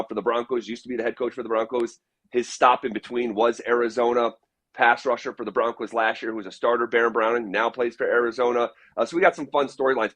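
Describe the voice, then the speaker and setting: A man, a sports radio host joining as a guest, breaking down football in a casual, emphatic and animated way. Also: medium pitch, no room sound. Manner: animated, emphatic, fast riffing.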